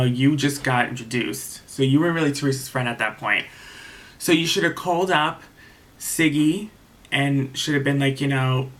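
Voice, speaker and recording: A man's voice: mid-range voice, fairly bright tone. Rambling, opinionated man recapping. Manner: rambling, retells quotes, many ums and restarts; opinionated, sides openly. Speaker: reality TV recap vlogger. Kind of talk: casual episode review.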